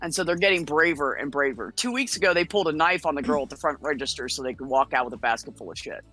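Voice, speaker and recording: A woman from the United States, a guest on a chat show, telling a story in a blunt, profane and animated way. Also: low voice, quick pace, faint music behind.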